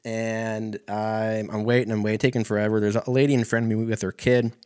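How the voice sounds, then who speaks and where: Podcast host, male, lowish voice, loose profane storyteller who restarts sentences. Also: flat delivery, brisk, a little mellow, smooth. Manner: rambling, heavy swearing, self-correcting. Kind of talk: casual storytelling monologue.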